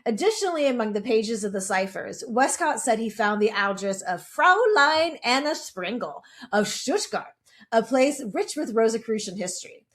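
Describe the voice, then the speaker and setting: A woman's voice: a little high, animated, moderate pace. A middle-aged woman co-hosting a podcast, chatting casually and reading a history segment, with jokey asides and casual swearing. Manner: swears casually, jokes about herself. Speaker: podcast co-host. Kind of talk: casual chat and read lore segment.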